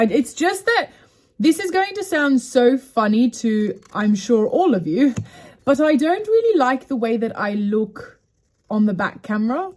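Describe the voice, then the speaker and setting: A woman chatting casually to her phone camera at home, rambling and correcting herself as she goes. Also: medium pitch. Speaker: vlogger. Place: at home, indoors.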